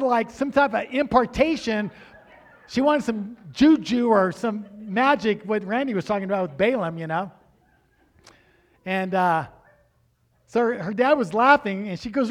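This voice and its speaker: A man's voice: sits high, normal speed. A man, a pastor telling a personal story in a sermon and acting out the dialogue. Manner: animated storytelling, acts out dialogue.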